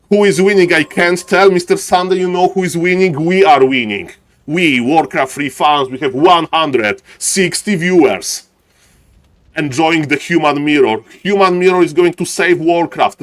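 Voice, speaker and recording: Hyped male esports caster. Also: on the high side. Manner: hyped, showman patter, keeps saying "ladies and gentlemen"; rambling asides, playful. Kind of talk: live game commentary.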